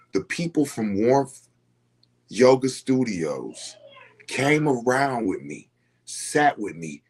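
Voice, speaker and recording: A man telling a personal story to his listeners in a loose, conversational way, often repeating himself and asking if they follow him. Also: mid-range voice. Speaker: speaker sharing a personal story. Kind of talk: casual storytelling to an audience.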